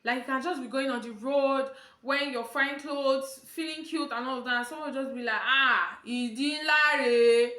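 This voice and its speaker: A young woman with a Nigerian accent recounts a story on her vlog, with lively acted-out quotes. Her voice sits high and bright. It rings off the walls of a roomy, echoey space. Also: fairly quick. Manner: animated storytelling, acting out quotes in Pidgin and Yoruba. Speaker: vlogger.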